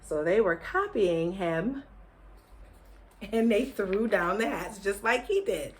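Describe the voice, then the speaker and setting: A woman teacher reading a picture book aloud to children, gently encouraging them to join in with movements. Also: mid-range voice, lively intonation. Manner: slow, gentle, encouraging, leading children in actions.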